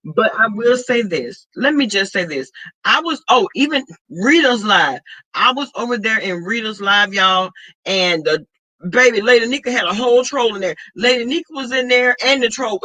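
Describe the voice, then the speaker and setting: A woman's voice: a little high, expressive, normal speed, pushed and bright, low-quality recording. A woman with a Southern US accent, chatting casually to her viewers on a live stream and greeting them by name as she tells a dramatic story. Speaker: vlogger.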